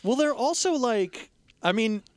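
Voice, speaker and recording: A man co-hosting a podcast, chatting casually about a movie and acting out scenes in quick asides. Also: very high-pitched, no room sound, clean studio sound. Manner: animated, acts out scenes in quoted asides. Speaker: podcast co-host. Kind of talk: casual movie-review chat.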